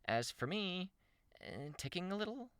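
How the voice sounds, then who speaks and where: A man's voice: high voice, big pitch swings, a little slow, a bit bright, clear, resonant tone, no room sound, clean studio sound, pitched above the performer's own voice, heavily acted. A man doing a breezy, winking young woman. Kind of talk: audiobook character voice.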